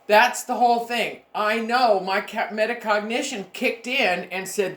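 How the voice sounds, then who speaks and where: A woman's voice: medium pitch, unhurried, a bit bright. A middle-aged woman giving a recorded online lecture to her students as a university education instructor, emphatic and direct, repeating her key points. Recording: echoey room.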